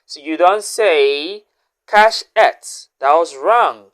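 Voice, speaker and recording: A woman hosting a pronunciation lesson, saying each word slowly and repeating it as a drill. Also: lowish voice, expressive. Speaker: diction teacher and host.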